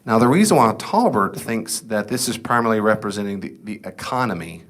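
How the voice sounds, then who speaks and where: A middle-aged man leads a relaxed Bible class, reading scripture aloud and posing questions to the group that he then answers himself. His voice sits fairly low and sounds lively and brisk, with a conversational feel.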